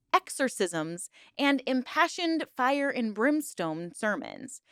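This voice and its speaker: A woman's voice: fairly high pitch, a bit bright, dry recording, studio quality. An upbeat woman hosting a video series, mixing scripted documentary narration with playful, self-joking chat to viewers. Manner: upbeat, playful, jokes about herself. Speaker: true-crime and cult video host.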